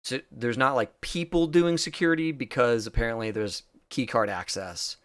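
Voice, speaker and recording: A man acting as game master for a tabletop role-playing game describes scenes haltingly, leaning on lots of fillers. His voice sits in the mid range, and the recording is dry and studio quality.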